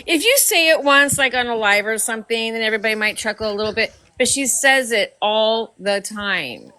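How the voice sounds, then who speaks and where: A woman chats in a casual group conversation, gossipy and quick to laugh. Her voice sits a little high and sounds bright and forceful. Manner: chatty, gossipy, laughs often.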